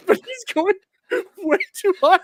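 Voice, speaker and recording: A man from Canada co-hosting a casual wrestling chat, telling animated stories and laughing between lines. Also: extremely high pitch, takes it slowly, a little hiss or hum. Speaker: co-host.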